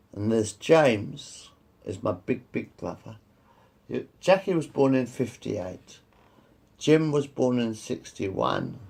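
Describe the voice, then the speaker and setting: A man in his fifties with a gravelly, rough-edged voice tells loose personal stories. His pitch swings up and down with lively expression. He repeats himself often and swears without pause. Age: 50s. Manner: repetitive, circles back and swears freely. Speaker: vlogger. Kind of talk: rambling personal storytelling.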